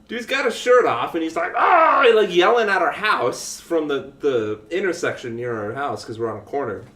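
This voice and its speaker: Young male co-host, casual, animated, profane storyteller, echoey room sound. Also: on the high side, normal speed, noisy background. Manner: animated, laughing, swears freely. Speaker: podcast co-host.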